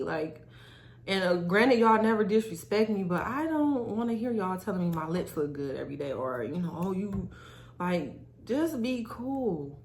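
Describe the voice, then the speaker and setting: A young adult woman hosting her own podcast, talking candidly and motivationally to her viewers in a casual, direct way. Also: medium pitch. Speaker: podcast host. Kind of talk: casual solo podcast talk.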